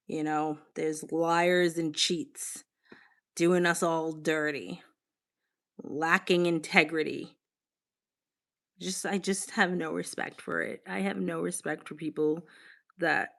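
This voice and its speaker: Hosting a casual livestream, a Boston woman speaks in a low, gravelly voice with a fairly bright tone. She chats candidly and reacts to viewers' comments as she reads them out.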